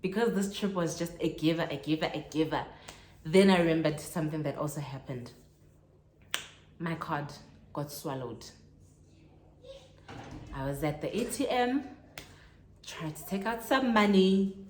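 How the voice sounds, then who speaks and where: A young South African woman telling a lively travel story in a casual vlog, acting out the dialogue as she goes. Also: low voice, a little slow, pauses often, reverberant, a little hiss or hum. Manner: animated storytelling, acts out dialogue. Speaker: vlogger. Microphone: phone on tripod.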